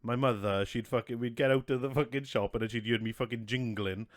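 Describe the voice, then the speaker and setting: A man's voice: mid-range voice, steady tone, fairly quick, no echo, studio quality. A man hosting a podcast, telling crude stories in casual chat, swearing and laughing a lot. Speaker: podcast host.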